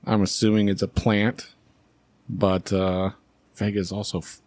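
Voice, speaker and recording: A man with a very deep voice guesses his way through a quiz in a casual podcast chat. He hesitates and thinks aloud before he answers. The recording is dry and close. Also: level tone, measured pace, a little mellow, no echo.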